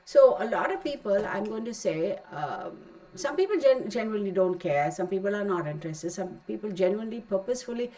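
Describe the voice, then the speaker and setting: Middle-aged woman tarot reader, mid-pitched, talky and rambling, firm advice. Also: expressive, fairly quick, few pauses, warm tone, low-quality recording. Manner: chatty and rambling, emphatic asides. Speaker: tarot reader teaching a class. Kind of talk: casual spoken class.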